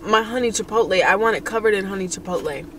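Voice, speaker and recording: Young woman in a car going off about food, bright sharp voice, faint hiss. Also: mid-range voice. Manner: blunt, quick, playful. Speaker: co-host of a couple's vlog. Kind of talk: casual mukbang chat.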